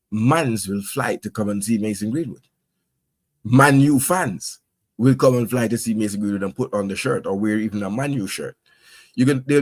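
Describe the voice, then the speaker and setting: A man's voice: on the low side, breathy edge, dry recording. A man talking football in a casual chat, often stammering as he builds a point. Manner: stammering, conversational. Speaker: podcast co-host.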